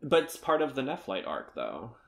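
A man's voice: medium pitch, wildly swooping pitch, moderate pace, creaky. Chatty, rambling man on a podcast. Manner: rambling, loses his train of thought. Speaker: podcast co-host. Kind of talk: casual chat.

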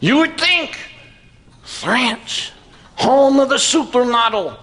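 A ventriloquist's dummy, a cheeky, brash redneck with a Southern US accent, hollers and whoops in a very high, slightly bright, exaggerated voice, voiced by a man. It talks slowly with lively intonation, recorded amid comedy club noise.

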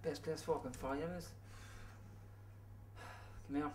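An actor with a Cork accent playing a brash young rival lover who swears constantly. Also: male voice, a little high, little pitch movement, a little slow, warm tone, lightly acted. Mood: glum. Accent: Cork Irish. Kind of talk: film acting. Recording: noisy recording.

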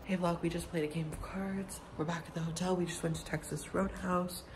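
A young man with a raspy voice, chatting casually to his vlog camera, swearing and dropping to whispers. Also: fairly high pitch, little pitch movement, brisk, noisy background. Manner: frequent "like" fillers, swearing, drops to whispers. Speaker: vlogger.

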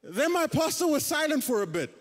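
Young guy preaching a testimony, really high voice, kinda self-deprecating, big hall echo. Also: big pitch swings, a little fast. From South Africa. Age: 20s. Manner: conversational, self-deprecating storytelling with rising emphasis. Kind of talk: testimony sermon. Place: church stage. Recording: hall reverb.

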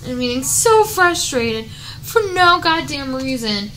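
A woman gaming on camera, swearing and venting frustration at the game as she plays, often breaking into shouts. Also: sits high, very animated, measured pace, echoey room, a little hiss or hum, low-quality recording. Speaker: gaming YouTuber. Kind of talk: casual let's play commentary.

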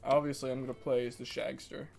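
A young man streaming video games, reacting excitedly and laughing as he plays. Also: mid-range voice, quick pace, gravelly, slight background noise. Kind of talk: casual gaming commentary. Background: faint game music.

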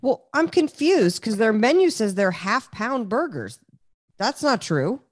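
Lively female podcast co-host. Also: on the high side, a little slow. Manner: brief reactive interjections and laughter. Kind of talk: casual chat.

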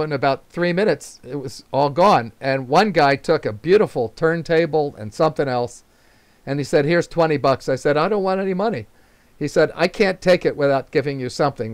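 A man's voice: fairly high pitch, normal speed, no echo. Older man telling rambling anecdotes. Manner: rambling anecdotes with chuckles and fillers. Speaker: invited speaker. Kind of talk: casual storytelling at a club meeting.

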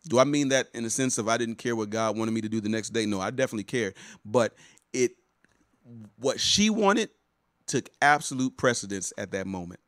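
A man's voice: mid-range voice, animated, fairly quick, dry recording, studio quality. A man, a pastor and life coach, talks casually to viewers of a live stream, repeating words and greeting them by name as he goes. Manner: warm, chatty, repeats words and restarts often.

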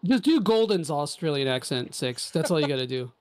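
A high-voiced man bantering with friends over a game stream. He talks in excited bursts, teasing and swearing casually as he plays. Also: a little fast. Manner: excitable, joking, profane. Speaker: streamer playing an RPG with friends.

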